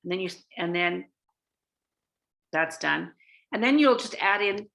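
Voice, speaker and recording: Woman trainer, casual talk, bright tone, gravelly, lots of um and restarts. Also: on the low side, animated, measured pace, pauses often. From Canada. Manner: chatty, many fillers and restarts. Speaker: sales trainer.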